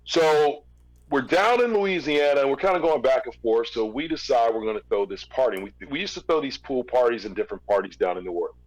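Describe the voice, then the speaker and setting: A man's voice: medium pitch, expressive, a little fast, low-quality recording. A man, a former record label executive, telling a long story in a casual interview, with fillers and restarts.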